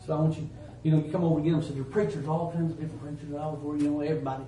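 A man preaching a sermon in a folksy, emphatic way, swinging from loud to hushed. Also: fairly high pitch, level tone, rapid-fire, a little hiss or hum. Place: church. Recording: roomy church sound from a distance.

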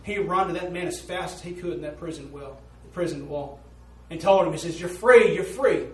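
An earnest man preaching a sermon in a folksy drawl, his voice set a little high. He tells a story with mounting fervor. He is heard from some distance in a reverberant room with a faint hum behind him. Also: fairly even intonation, brisk. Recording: roomy echo, voice from a distance.

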